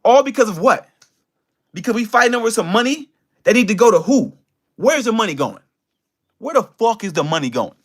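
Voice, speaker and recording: Brief: a high-voiced American man on a livestream, furious and profane, talking straight to his chat. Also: very animated, fairly quick, pauses often. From United States. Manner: heated and profane, with big swings in pitch and loudness. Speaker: livestream host. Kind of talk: angry livestream rant.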